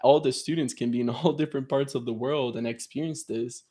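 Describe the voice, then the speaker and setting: A man's voice: medium pitch, steady tone, a little fast, dark tone. A man explaining his work over a video call, enthusiastic, laughing often and peppering his talk with "you know". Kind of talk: casual explanatory chat.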